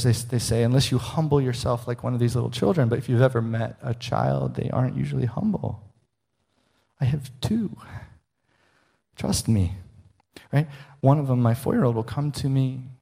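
Earnest male pastor preaching softly. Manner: earnest, dips soft and low for emphasis. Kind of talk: sermon.

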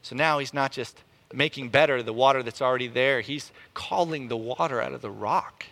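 A man preaching a sermon in an animated way, often repeating words as he restarts a thought. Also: moderate pace, vocal fry. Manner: animated, rises in pitch and volume to act out quotes.

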